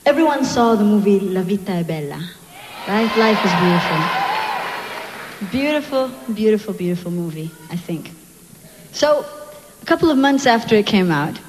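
A woman singer telling a playful, quick story to a concert audience from the stage. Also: fairly low pitch, a little mellow. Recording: live hall with echo and music.

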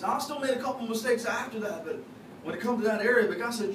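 A male pastor with a high voice talks fast through a conversational, folksy sermon, confessing things and ribbing people in the pews. The recording, made in a church sanctuary, is echoey, distant and noisy.

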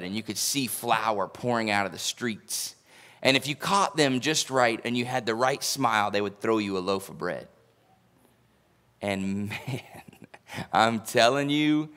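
A man's voice: mid-range voice, fairly bright tone. Folksy preacher man. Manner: folksy storytelling with humor. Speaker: pastor. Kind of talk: sermon. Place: church sanctuary.

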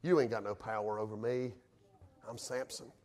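A man's voice: on the low side, steady tone, moderate pace, darkish tone, pitched below the performer's own voice, lightly acted. A preacher voicing Samson as a cocky, swaggering strongman in a Southern drawl, quoted in a sermon. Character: boastful strongman Samson, cocky young man.

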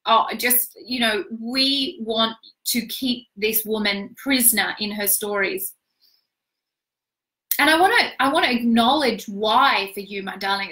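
Woman, intuitive reader; higher voice, bright and forceful; emphatic, flowing, affirming delivery. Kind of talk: live spiritual reading session.

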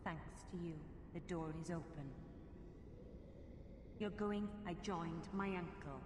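A soft Welsh game character. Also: female voice, on the low side, slow. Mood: gentle. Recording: roomy game audio with long reverb and clear background hiss.

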